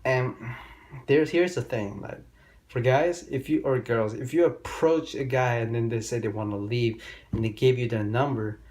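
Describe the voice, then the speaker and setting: A man's voice: medium pitch, normal speed, a little mellow. Rambling young man, casual vlog talk. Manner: rambling, profane, loose grammar. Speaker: vlogger giving dating advice. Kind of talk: casual storytelling monologue.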